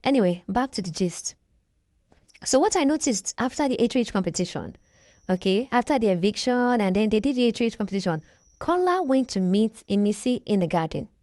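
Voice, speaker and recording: A Nigerian woman with a fairly high voice and a stuffy nose from a cold. She gossips in a casual, emphatic way, recorded dry and close with no room sound. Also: dark tone, no room sound. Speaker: reaction vlogger. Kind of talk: casual reality-show commentary.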